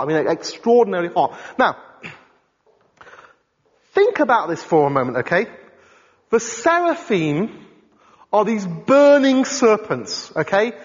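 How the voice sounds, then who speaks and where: A high, lively male voice preaching a sermon, rising and falling as he talks with the congregation and checks that they follow. The sound is dull and carries a long hall reverb. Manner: animated, conversational, asks the congregation questions.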